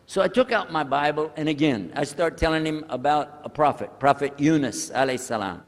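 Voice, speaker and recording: An older man telling a personal story to an audience, animated and acting out the people in it. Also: fairly high pitch, fairly quick. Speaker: speaker telling his conversion story. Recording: echoey hall.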